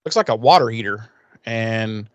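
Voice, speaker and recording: A man co-hosting a podcast, casually recapping an episode with lots of swearing and quick acted-out quotes. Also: lowish voice, no echo. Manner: profane, animated retelling with voiced quotes. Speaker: podcast co-host.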